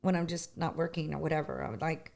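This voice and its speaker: A middle-aged woman, a singer, chatting as an interview guest with lots of restarts and lively retelling. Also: sits low, fast, vocal fry. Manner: chatty, animated storytelling with many restarts. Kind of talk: casual interview chat.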